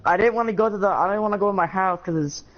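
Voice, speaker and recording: A young man telling a childhood story in a casual chat among friends. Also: racing. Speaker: podcast co-host. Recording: dull low-fi home recording.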